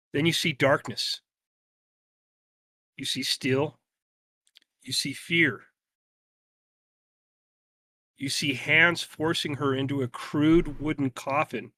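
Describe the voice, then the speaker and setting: A man narrating a tabletop game as game master, telling the scene slowly and dramatically. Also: on the high side, sharp tone, no room sound, studio quality. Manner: slow, dramatic storytelling.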